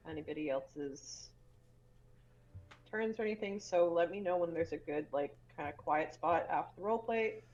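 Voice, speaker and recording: A woman's voice: on the low side, normal speed, darkish tone, dull audio, slight background noise. A woman playing in a tabletop game, speaking in a polite, casual way. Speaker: player.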